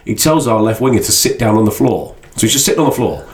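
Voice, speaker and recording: A man co-hosting a casual football podcast, telling stories in an animated way and swearing freely. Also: lowish voice, fast. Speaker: podcast co-host.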